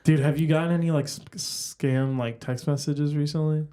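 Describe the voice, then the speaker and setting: A man's voice: a little high, fairly even intonation, normal speed, warm tone. A young man co-hosting a podcast, chatting in a playful, teasing, eager way. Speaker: podcast co-host. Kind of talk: casual chat.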